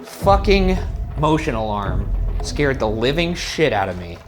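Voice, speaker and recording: A man hosting a ghost hunt in an old house, calling out loudly one moment and muttering quietly the next. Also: on the low side, sing-song, moderate pace, music in the background. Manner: jumpy, swings between hushed muttering and loud calling out. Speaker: ghost hunting show host. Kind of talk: solo ghost hunt narration.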